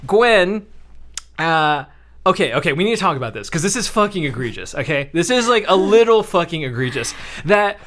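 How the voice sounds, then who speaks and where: A man hosting a podcast, ranting in an animated way about a film in casual, profanity-laced talk. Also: fairly high pitch, normal speed. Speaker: podcast host.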